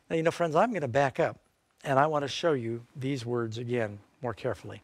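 A man's voice: medium pitch, brisk, no room sound. An older man preaching a sermon as an evangelist, emphatic and full of rhetorical questions.

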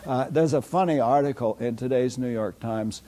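A man's voice: medium pitch, moderate pace, warm tone. An older man giving a university philosophy lecture in a rambling, digressive way, full of "uh" fillers. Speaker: philosophy professor. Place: lecture hall. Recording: lecture hall recording.

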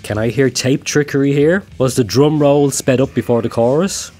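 A man's voice: medium pitch, moderate pace. A man co-hosting a podcast about albums, mixing casual chat with dramatic read-out track reviews. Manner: animated, reads out dramatic track descriptions. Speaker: podcast co-host.

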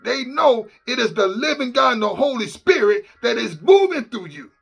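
A man preaching a fervent sermon as a minister, emphatic and repetitive, sometimes rising to shouts. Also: extremely high pitch, sing-song, moderate pace, gravelly, breathy edge, faint music behind.

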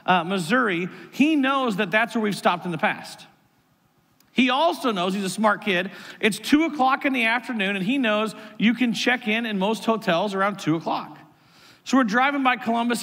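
A man in his thirties preaches to a church crowd with a high, bright voice that rings through a big hall with a long echo. He tells a family story and slips into his son's pleading tone now and then. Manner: animated storyteller, acts out his son's whiny voice. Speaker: pastor. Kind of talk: sermon with storytelling. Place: large church auditorium.

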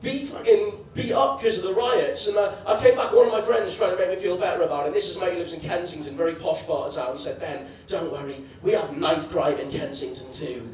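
A Geordie man from Newcastle performing a stand-up routine with quick, deadpan joke delivery in a comedy club. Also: sits high. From Newcastle, England. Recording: very echoey club from far off, audience laughter.

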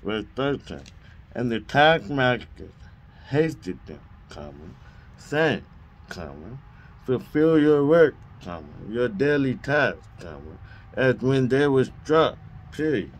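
A man reads scripture aloud at an unhurried, careful pace, voicing each comma, colon and period as he goes. His voice sits at an ordinary middle pitch, and he now and then stumbles and starts a phrase again. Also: very animated. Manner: reads punctuation marks aloud, deliberate; occasional stumbles and restarts. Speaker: Bible reader.

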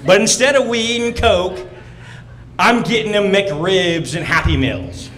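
A man's voice: high voice, animated, fairly bright tone, echoey room, a little hiss or hum, rough recording. A man doing a brash stand-up set on a comedy club stage, telling stories and acting out other people. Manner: brash, storytelling, quick to act out other people.

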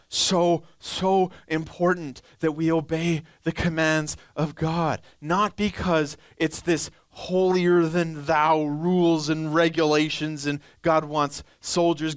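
A young male pastor preaching a sermon, reading scripture slowly and acting out pleading churchgoers in a higher voice. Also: no room sound. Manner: reads scripture slowly, then acts out pleading churchgoers in a high voice.

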